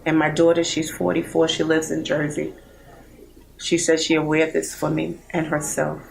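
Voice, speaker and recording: Gravelly-voiced grieving woman in her sixties. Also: low voice, completely flat delivery, slight background noise, rough recording. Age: 60s. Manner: heartfelt, halting, grieving. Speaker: bereaved mother in a support program. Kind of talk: personal testimony.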